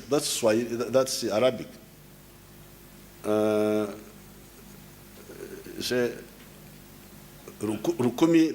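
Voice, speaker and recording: A man addresses a crowd without a script. His pitch is mid-range, and he speaks in a lecturing way, explaining word by word. He often stumbles, restarts and repeats words. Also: darkish tone, slight background noise. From Uganda. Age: 70s. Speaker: head of state giving a speech. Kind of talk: unscripted public address.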